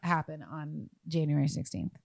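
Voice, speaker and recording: Lively, playful woman podcast co-host. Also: sits low, normal speed, vocal fry. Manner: playful, teasing, laughs often. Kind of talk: casual chat.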